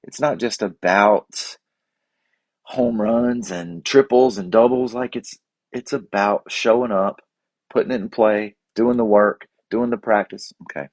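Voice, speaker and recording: A man shares stories in a rambling, folksy, self-deprecating way. His voice sits a bit low, and the recording is dry and close, with no room sound. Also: unhurried, darkish tone, dry recording. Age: 40s. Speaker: podcast host. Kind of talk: casual reflective monologue.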